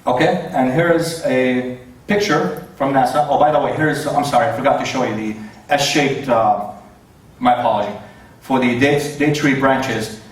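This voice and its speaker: A man at a mid pitch gives a debate talk, stumbling often and correcting himself as he goes. His voice rings around a very echoey hall and sounds set back from the microphone. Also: normal speed, far from the mic. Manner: hesitant, many fillers and self-corrections. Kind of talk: debate presentation with slides. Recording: very echoey hall, voice away from the mic.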